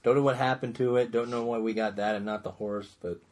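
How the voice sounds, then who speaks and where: A man's voice: medium pitch, steady tone, fairly quick, darkish tone, a little hiss or hum. A man hosting a casual chat in an easygoing, dry way. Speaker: podcast host.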